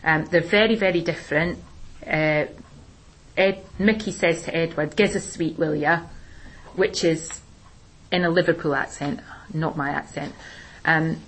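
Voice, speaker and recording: A woman teacher explaining a play in a relaxed discussion, with plenty of ums and restarts. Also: sits low, a little slow, rough recording. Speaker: English teacher. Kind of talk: recorded literature lesson discussion.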